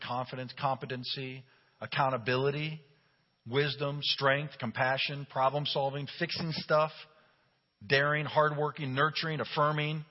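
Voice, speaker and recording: Middle-aged pastor preaching in a reverberant hall. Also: male voice, mid-range voice. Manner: humorous, animated storytelling. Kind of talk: sermon. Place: church sanctuary. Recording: dull recording with long hall reverb.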